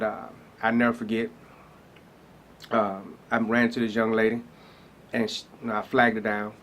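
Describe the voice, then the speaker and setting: A man's voice: mid-range voice, a little hiss or hum. A man, a pastor telling his personal story in a loose, casual way with many fillers. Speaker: pastor and rapper.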